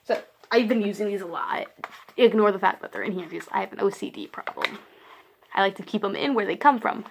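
A woman's voice: mid-range voice, a little fast, gravelly, a little hiss or hum. A teenage girl chatting casually on her vlog, giggly, scattered and self-deprecating, jumping from one thing to the next. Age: teens. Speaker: vlogger. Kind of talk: casual rambling vlog chat.

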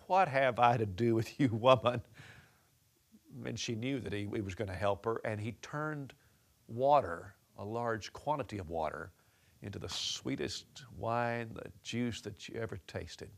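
A man preaching a sermon as a story, talking with many restarts and changing his voice for quoted lines. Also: mid-range voice.

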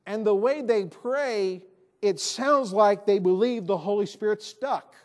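A man's voice: high voice, measured pace. A male pastor preaching a sermon in a church, emphatic and repeating his key phrases. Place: church sanctuary.

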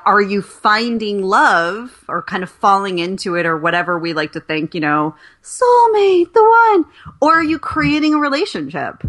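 A woman's voice: fairly low pitch, bright, forceful tone. A woman in her forties, a relationship coach guesting on a podcast, talking bluntly and emphatically. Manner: blunt, emphatic, swears freely. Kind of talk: casual podcast chat.

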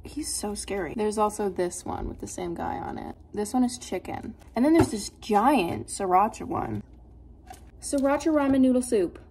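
A woman's voice: mid-range voice, moderate pace, noisy background. Teen girl vlogger, put-on Southern country accent, rambling casual chat, self-deprecating. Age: teens. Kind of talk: casual vlog while doing makeup.

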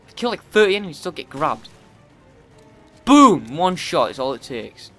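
A man giving profane let's play commentary, often yelling at the game in frustration. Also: a little high, animated, moderate pace, soft background music. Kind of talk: gameplay commentary.

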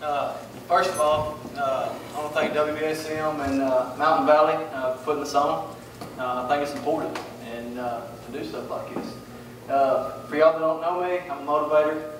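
A man with a Southern US accent giving a candidate forum speech, halting and full of fillers. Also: fairly high pitch, steady tone, noisy background. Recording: echoey room, mic far off.

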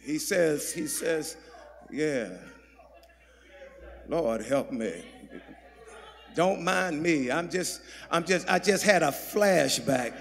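High-pitched man preaching in a big echoey church, shouts then murmurs. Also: takes it slowly, vocal fry, slight background noise. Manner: preaching with call-and-response, shouting and dropping to murmurs. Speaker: pastor. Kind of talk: sermon. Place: large church sanctuary. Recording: long hall reverb.

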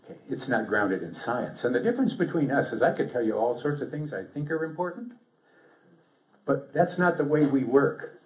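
A man giving a seminar presentation to an audience, lively and joking in a conversational way. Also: mid-range voice, normal speed. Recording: echoey room, distant mic.

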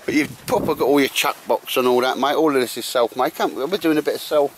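A man's voice: medium pitch, fast talker. A man filming his camping weekend, chatting in matey banter and saying "mate" all the time. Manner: matey banter, says "mate" and "bosh" constantly. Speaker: vlogger. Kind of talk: casual chat while filming a camping trip. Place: outdoors at a windy campsite. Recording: faint wind and outdoor noise.

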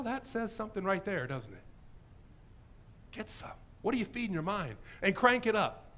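High-voiced pastor preaching, super animated and jokey, pitch jumping all over. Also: male voice. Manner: animated, humorous, enthusiastic. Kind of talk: sermon.

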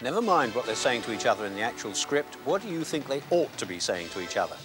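A man's voice: medium pitch, sing-song, quick pace, over music. A man with a British accent presenting scripted film reviews with dry, sardonic wit.

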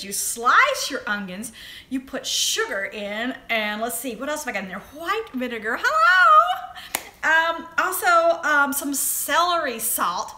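A woman's voice: sits high, bright, forceful tone. A middle-aged woman with a Southern US accent hosting a casual livestream chat, chatty and greeting viewers by name. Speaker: livestream host. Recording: echoey room.

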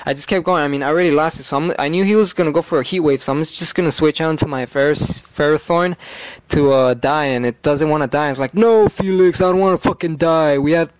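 A man's voice: a little high, fairly even intonation, fast, dry recording. A man talking casually over a game video, hyper and rambling, swearing freely. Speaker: gaming YouTuber. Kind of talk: game commentary.

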